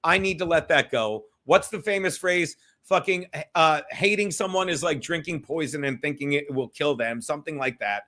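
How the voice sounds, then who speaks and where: A man's voice: a little high, normal speed, few pauses, pushed and bright. A male host chatting casually on a livestream, rambling and talking straight to his viewers in the chat. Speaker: podcast host reading live chat.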